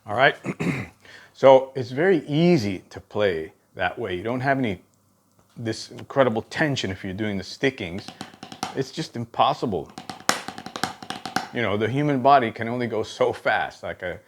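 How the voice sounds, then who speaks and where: A man's voice: mid-range voice, animated, moderate pace, background noise. A man giving a drum lesson, counting beats aloud and often checking in with "okay". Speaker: drum instructor. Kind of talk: teaching drum technique.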